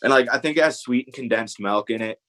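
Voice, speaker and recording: A man's voice: mid-range voice, fast, pushed and bright. An American man chatting casually as a guest, enthusiastic and casually swearing. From United States. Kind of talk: casual chat.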